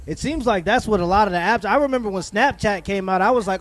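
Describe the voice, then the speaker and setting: A man with a high voice reacts bluntly and throws in slang, keeping it casual and conversational. He talks like someone commenting on a clip for viewers. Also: fast, fairly bright tone.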